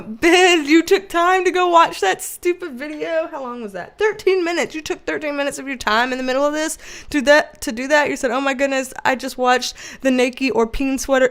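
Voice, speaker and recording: A woman hosting a casual livestream with a nasal voice, talking loudly and bubbly, laughing often as she answers viewers. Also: high-pitched, normal speed. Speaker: tarot reader and livestream host. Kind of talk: casual livestream chat reading viewer comments.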